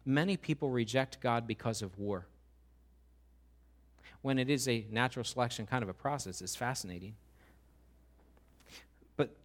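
Pastor guy preaching, gets loud and punchy with questions, does little voices for quotes. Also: mid-range voice. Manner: animated preaching with rising emphatic questions. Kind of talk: sermon.

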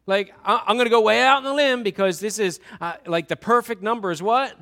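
A male pastor preaching a sermon in a chatty, animated way, with loud bursts and sudden quiet asides. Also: high voice, a little fast. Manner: animated, conversational, swings between loud bursts and near-whispers.

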